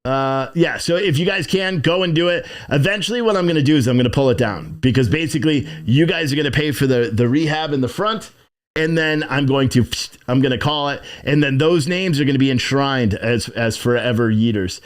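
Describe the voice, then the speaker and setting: A man's voice: mid-range voice, brisk. A man hosting a casual livestream from inside his shop, rambling and swearing as he reads chat comments and plugs his business. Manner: rambling, profane, plugging his own business. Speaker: livestream show host.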